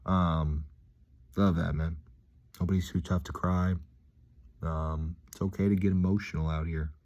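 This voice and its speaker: A man talking in a casual, rambling vlog monologue from a gym, upbeat and reflective, with frequent pauses. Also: low-pitched, steady tone, darkish tone. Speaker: vlogger.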